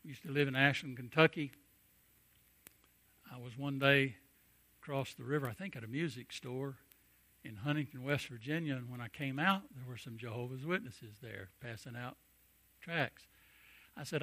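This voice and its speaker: A middle-aged man preaching a sermon, telling stories and swinging from hushed asides to booming emphasis. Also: measured pace, no echo.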